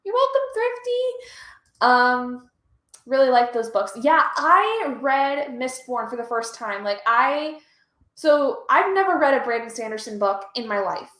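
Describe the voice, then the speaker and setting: A woman's voice: high-pitched, big pitch swings, unhurried, fairly bright tone, roomy sound. A woman hosting a reading stream, chatting casually and reading out chat messages, easily moved. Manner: chatty, emotional, reads chat aloud. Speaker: livestream host.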